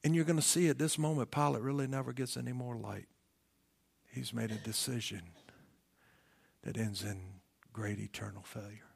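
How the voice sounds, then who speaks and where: A middle-aged man preaching a sermon, asking rhetorical questions, swinging from shouted climaxes down to hushed near-whispers. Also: mid-range voice, fairly even intonation, normal speed, gravelly, slightly rough. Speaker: pastor.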